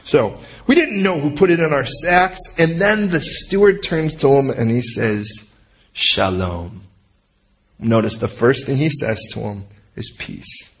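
Man, pastor, verse-by-verse sermon, animated, acts out characters, conversational. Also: on the high side, moderate pace.

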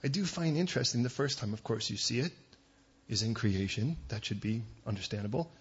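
A man preaching a sermon as pastor, conversational with joking asides and quick digressions. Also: medium pitch, animated, breathy edge, muffled recording.

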